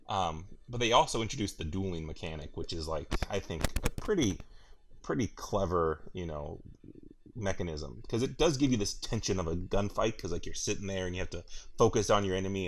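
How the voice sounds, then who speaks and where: Podcast host, male, very deep voice, chatty and rambling, laughs a lot. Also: brisk, a little hiss or hum. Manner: rambling, laughs often, many restarts. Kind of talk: casual gaming podcast chat.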